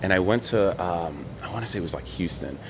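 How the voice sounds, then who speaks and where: Man, deep low voice, casual interview storytelling, animated, faint rumble behind. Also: fairly quick. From New York. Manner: animated storyteller, quotes others in dialogue, laughs often. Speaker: podcast guest, former Olympic swimmer.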